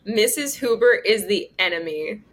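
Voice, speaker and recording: Woman cohost, slow drawn-out talk, pitch all over the place, faint hiss behind. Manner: slow, expressive, bursts into loud laughter. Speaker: podcast co-host. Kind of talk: casual recap chat.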